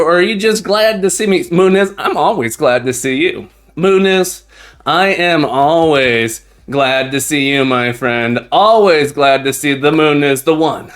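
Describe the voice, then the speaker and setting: Upbeat male streamer, slightly high voice. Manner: upbeat, repeats phrases, greets viewers warmly. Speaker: live-stream host and teacher. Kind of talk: casual live-stream chat with viewers. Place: room at home, indoors.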